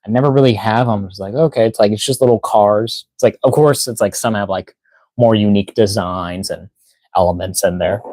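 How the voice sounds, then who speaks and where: A lowish, darkish male voice moves fairly quickly through a casual, filler-heavy ramble while hosting a toy unboxing stream. He's tired, yawning, and out of breath, and reads chat messages aloud in a dry recording.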